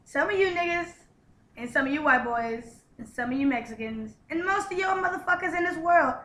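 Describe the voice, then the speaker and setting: A woman's voice: high voice, animated, fairly quick, pushed and bright. A young woman co-hosting a casual comedic vlog, talking bluntly with lots of profanity. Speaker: co-host. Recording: echoey room.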